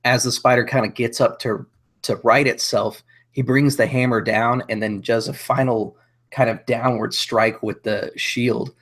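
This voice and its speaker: A man playing a tabletop game, describing his character's attacks in a measured way with frequent fillers. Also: mid-range voice, steady tone, fairly bright tone, husky. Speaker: player.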